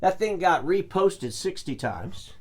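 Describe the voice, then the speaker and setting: Man, middle-aged, show host, opinionated solo commentary, lively intonation, slightly high voice. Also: slow pace, a little hiss or hum. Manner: animated, opinionated, rhetorical questions. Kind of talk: solo commentary on industry business.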